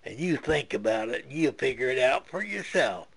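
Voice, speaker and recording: Gravelly, folksy male storyteller. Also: mid-range voice, very animated, moderate pace. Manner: folksy, chuckling often.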